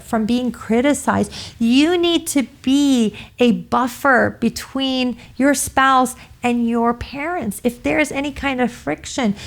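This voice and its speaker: Woman, forties, marriage therapist, slightly high voice, earnest prepared talk, storytelling. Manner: earnest storytelling with acted quotes.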